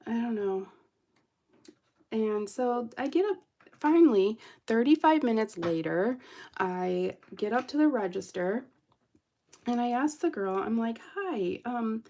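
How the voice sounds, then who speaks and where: Slow-talking woman with a gravelly voice. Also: fairly high pitch. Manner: animated, acts out quoted voices. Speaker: vlogger. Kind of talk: casual storytelling while crafting.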